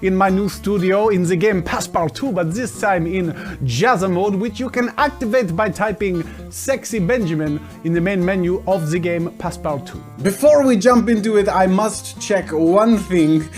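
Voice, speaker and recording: A man's voice: sits high, normal speed, darkish tone, faint music behind, close to an everyday voice. A man voicing a self-styled French painter in an exaggerated put-on French accent, narrating a game with lofty, dramatic pronouncements. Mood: showy. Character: theatrical French painter man, grandly idealistic. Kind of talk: narrated game let's-play.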